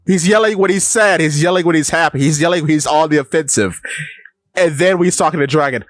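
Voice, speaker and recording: A man co-hosting a casual podcast chat, animated and quick to break into loud mimicry. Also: fairly high pitch, no echo. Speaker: podcast co-host.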